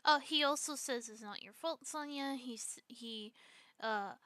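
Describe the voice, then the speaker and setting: Young woman, stream host, bright forceful tone, fairly high voice, sarcastic, reading chat messages, dry close sound. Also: measured pace, no room sound. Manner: aggrieved, sarcastic, reads messages in a rush.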